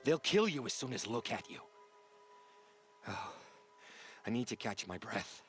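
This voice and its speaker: A man voicing a robbed herb gatherer in a video game, excitable and complaining, with faint game music behind. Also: medium pitch, fast. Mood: ominous. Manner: excitable, complaining, breathless rants.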